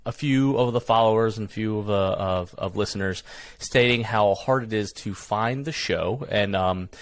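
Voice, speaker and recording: A man hosting a podcast in casual chat, relaxed and speaking plainly. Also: on the low side, moderate pace. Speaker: podcast host.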